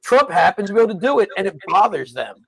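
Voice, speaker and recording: Gravelly, laid-back man in dry sound. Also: sits high, very animated, fast talker, a bit bright, no echo, poor audio. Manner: laid-back, agreeable, laughs along. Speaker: podcast co-host. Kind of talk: casual political chat.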